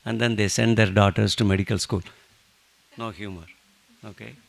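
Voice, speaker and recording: Man, satsang speaker, gravelly voice, storytelling with jokes. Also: on the low side, moderate pace. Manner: animated storyteller with joking asides. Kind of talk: devotional storytelling talk.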